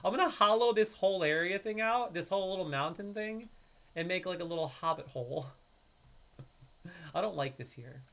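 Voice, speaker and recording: On a live stream, a fairly high-voiced man offers relaxed commentary on his gameplay and talks with the people watching. Now and then he breaks into excited, loud yelps.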